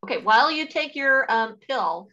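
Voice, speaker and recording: A woman's voice: high voice, lively intonation, moderate pace, sharp tone. A woman moderating an online workshop over a video call, friendly and encouraging. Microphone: computer mic on a video call. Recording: dull lo-fi video call audio.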